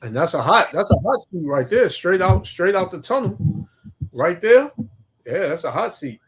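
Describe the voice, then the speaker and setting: Husky laid-back man talking. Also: high voice, big pitch swings, normal speed. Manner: laid-back, drawling, many fillers. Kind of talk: casual chat and scripture reading.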